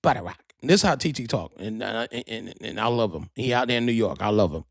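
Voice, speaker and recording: A man hosts a podcast in a loose, animated monologue, cussing and talking in street slang. His voice is gravelly and husky. Its pitch leaps around a lot, and the sound is dry and close. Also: quick pace, dry recording. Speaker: podcast host and DJ.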